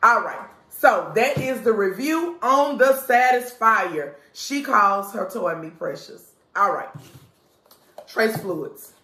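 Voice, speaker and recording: A woman's voice: medium pitch, expressive, slow, pushed and bright. A woman host chatting frankly and sassily to her viewers and reading a customer's review aloud, calling them sis and y'all. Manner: sassy, frank, addresses listeners as sis and y'all. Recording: echoey room.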